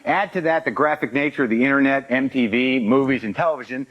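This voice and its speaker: A man's voice: mid-range voice, fast talker. A man comedian on a panel show, making a mock-earnest argument that builds to a twist. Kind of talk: stand-up style bit. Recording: dull lo-fi TV recording.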